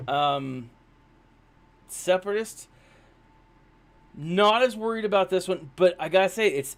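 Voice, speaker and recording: A man casually commenting on a mobile game during a live stream, rambling and self-deprecating, with lots of fillers. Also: medium pitch. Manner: chatty, rambling, with many fillers.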